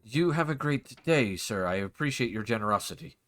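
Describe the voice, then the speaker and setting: A man's voice: mid-range voice, animated, a little fast, a bit bright, natural voice. A man voicing a polite, well-dressed young delivery woman in a tabletop game.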